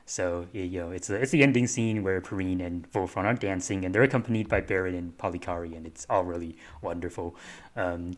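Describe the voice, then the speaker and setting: A young man with a lowish voice talks through a review on a podcast. He stumbles over his words and restarts often, keeping it casual. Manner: halting, many fillers and restarts. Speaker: podcast co-host.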